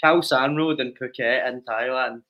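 A young man chatting in a relaxed way and chuckling as a podcast co-host. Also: mid-range voice, normal speed. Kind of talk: casual chat. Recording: dull lo-fi sound.

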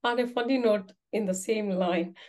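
A woman's voice: medium pitch, moderate pace, a little mellow. Woman podcast host asking questions. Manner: conversational, asks questions. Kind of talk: podcast interview.

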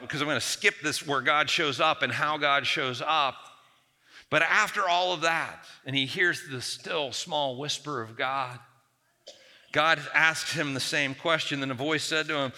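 Bright-voiced pastor preaching in a reverberant hall. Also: male voice, moderate pace. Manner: acts out whiny biblical quotes in a raised pitch. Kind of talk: sermon. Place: church hall.

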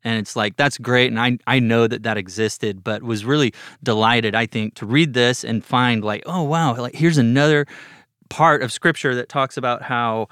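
A man earnestly shares personal reflections on a Bible passage, growing animated when something delights him. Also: mid-range voice, moderate pace, clear, resonant tone, dry recording, studio quality. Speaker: podcast guest.

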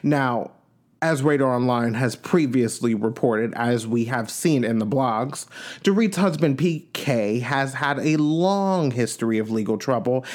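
Chatty man hosting a gossip podcast. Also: medium pitch. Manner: chatty and animated, reads news aloud with asides. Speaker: podcast host. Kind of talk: casual celebrity gossip commentary.

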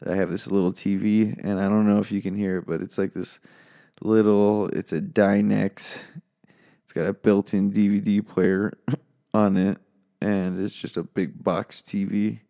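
Low gravelly man, quiet late-night ramble. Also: little pitch movement, unhurried. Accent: American. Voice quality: rough, low voice. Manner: talking low and quiet, laid-back and rambling, swears often. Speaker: podcast host. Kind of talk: casual late-night solo podcast. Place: home office at night.

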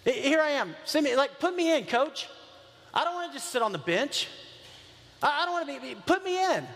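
A man's voice: extremely high pitch, lively intonation, fairly quick, fairly bright tone. A man preaching as a pastor, earnest and conversational, repeating key phrases for emphasis. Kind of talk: sermon. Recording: long reverb of a large hall.

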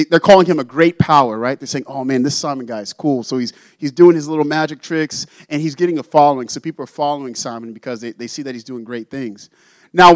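A man's voice: on the high side, no echo, rough recording. A young adult male pastor preaching a sermon in a conversational way, acting out the Bible figures in casual everyday voices.

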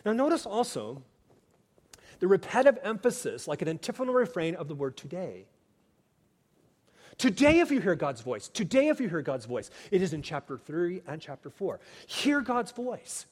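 A man's voice: sits high, big pitch swings, normal speed. Man preaching in a reverberant hall. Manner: earnest preaching, swings from hushed to emphatic. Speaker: pastor. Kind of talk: sermon.

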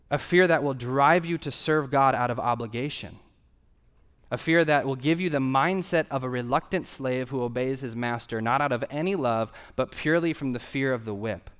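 A man delivering a sermon in an easy, conversational manner, with a voice of ordinary middle pitch. He keeps turning to the listeners with questions and repeats his main points for emphasis. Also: fairly bright tone. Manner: conversational, asks the audience rhetorical questions; repeats key phrases for emphasis. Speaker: preacher.

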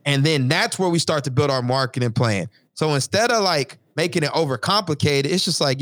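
A man hosting a podcast, talking business in an animated, slangy way, often saying "yo" and "et cetera". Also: fairly high pitch, brisk, hardly any pauses, no room sound. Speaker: podcast host and business coach. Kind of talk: energetic casual interview.

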